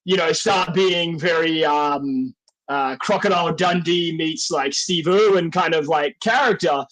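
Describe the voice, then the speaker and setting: A man's voice: a little high, a little slow, a bit bright, low-quality recording. A man from Australia with a mild Australian accent, chatting casually on a podcast in a goofy, joking, self-deprecating way. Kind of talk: casual chat.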